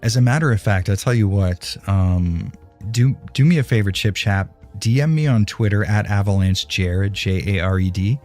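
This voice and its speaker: Soft music plays behind this man's lowish, slightly mellow voice, which moves at a moderate pace. He's live-streaming from a home setup, leaning close to a dynamic broadcast mic, rambling through chat replies and swearing without restraint.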